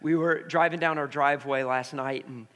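A man leads a sermon as pastor, speaking in a fairly high voice. His words carry with a long reverberant tail through a church sanctuary. He moves from prayer into a family story for the congregation. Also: fairly even intonation, normal speed, fairly bright tone. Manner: prays then tells a family story.

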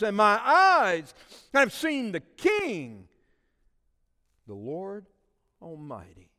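A man preaching a sermon, swinging between shouted emphasis and hushed, quiet asides. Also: on the high side, huge pitch swings, slow, long reverb tail. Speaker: pastor.

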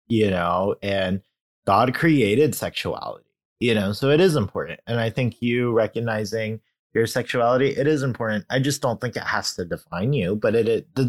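A young man in a candid conversation about faith, talking in a halting, heartfelt way with many fillers and growing emotional. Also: fairly low pitch. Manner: grows emotional while talking. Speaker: guest.

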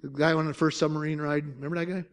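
A man's voice: fairly high pitch, little pitch movement, fast, vocal fry. A man pastor preaching a sermon in a conversational way, with joking asides and questions to the congregation.

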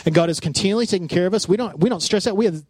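A man in his thirties preaching a personal, animated sermon, with frequent restarts as he talks. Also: sits high, racing, no echo. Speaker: pastor.

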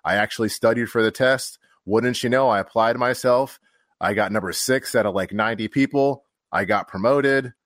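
A man's voice: medium pitch, moderate pace, fairly bright tone, no echo, clean studio sound. A man, a fire officer and podcast guest, telling a candid story in casual conversation and acting out the quotes, with casual swearing.

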